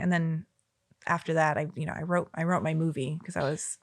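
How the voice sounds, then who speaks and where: A woman's voice: low voice, fairly quick, no room sound, clean studio sound. A woman in her forties from Los Angeles, telling stories as a podcast guest and acting out the quotes in them. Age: 40s. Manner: animated storyteller who acts out quotes. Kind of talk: casual chat.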